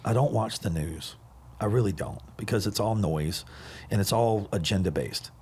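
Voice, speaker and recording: A man hosting a podcast, talking in a casual, energetic and upbeat way in a podcast room. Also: on the low side, moderate pace, husky. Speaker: podcast host.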